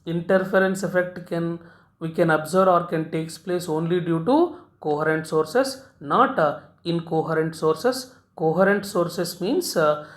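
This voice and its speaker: A male physics teacher gives a recorded lecture at a board, speaking slowly and haltingly in a slightly high voice. He often says "uh" before key terms and repeats phrases, and the room is echoey.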